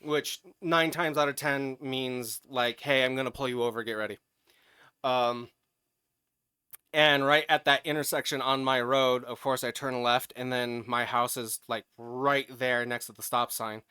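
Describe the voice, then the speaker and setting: Bright, crisp-voiced podcast guy. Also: medium pitch, unhurried, no room sound, studio quality. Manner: animated, profane, swings into loud yelling when retelling. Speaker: podcast co-host. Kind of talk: casual chat, storytelling.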